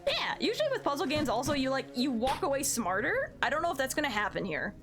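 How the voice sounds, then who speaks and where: A woman live-streaming a game, counting her jumps out loud, yelping when she falls and joking with her chat. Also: sits high, big pitch swings, fast talker. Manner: counts aloud while playing, yelps at failures; self-mocking, playful chatter with chat. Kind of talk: live gameplay commentary. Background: background music.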